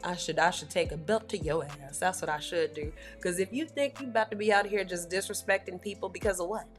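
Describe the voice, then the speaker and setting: A woman's voice: on the low side, a little fast, soft background music. A woman giving blunt, slangy, scolding reaction commentary as a vlog host. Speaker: commentary vlogger.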